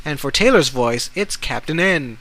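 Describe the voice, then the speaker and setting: Halting young man podcasting. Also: fairly high pitch, lively intonation, a bit bright, poor audio. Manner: halting, many restarts and fillers. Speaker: podcast host. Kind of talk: casual solo podcast.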